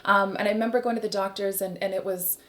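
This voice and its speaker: Fast-talking woman telling her story. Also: mid-range voice, a little hiss or hum. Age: 30s. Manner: animated, acts out quoted voices, laughs often. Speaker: guest. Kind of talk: candid storytelling interview.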